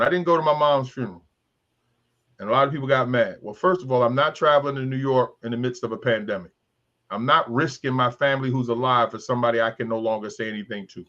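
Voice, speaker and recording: In a candid panel discussion, the host, a man in his 50s, makes his points through storytelling and by imitating the voices of other people. He has a mid-range voice with a bit of brightness, and the recording is muffled.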